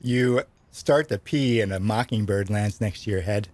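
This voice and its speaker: A man's voice: lowish voice, normal speed, a little mellow. A man narrating as game master of a tabletop role-playing game, describing scenes vividly in a casual way.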